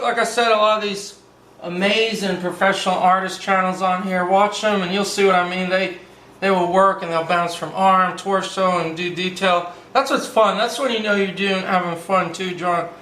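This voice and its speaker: A man with a high, sharp voice hosts a casual step-by-step drawing tutorial, upbeat and playful, dropping in "baby" and snatches of song. The rough recording sounds roomy, with a bit of hiss or hum.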